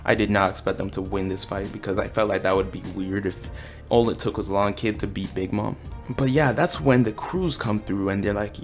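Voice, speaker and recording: A man giving a casual, excited chapter review, talking in slang and acting out the characters' lines. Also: fairly low pitch, a little fast, soft background music. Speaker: anime and manga reviewer.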